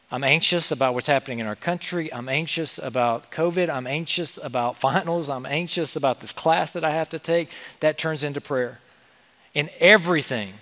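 A man preaching a sermon, shifting from quiet, tender passages to loud, rising emphasis. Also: on the high side, in a large hall.

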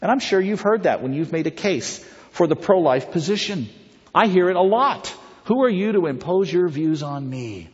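A man delivers a persuasive talk, moving between stories and rhetorical questions aimed at his listeners. His voice sits slightly high for a man. The recording is muffled and lo-fi, with a long reverb trailing each phrase. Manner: rhetorical, storytelling, puts questions to the audience. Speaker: pro-life speaker. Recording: reverberant, dull lo-fi hall recording.

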